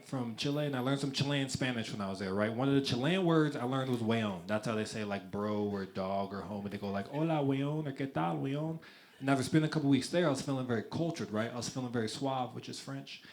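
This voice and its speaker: A young man performing a stand-up set in a live venue, telling stories in an animated way and laughing through his punchlines. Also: mid-range voice, a little fast, few pauses. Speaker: stand-up comedian.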